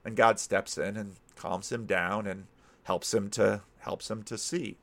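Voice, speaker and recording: A man's voice: fairly low pitch, steady tone, a little slow, creaky, fairly bright tone. A middle-aged American man, a pastor, giving a casual teaching talk, thinking aloud with frequent restarts and repeated words. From United States.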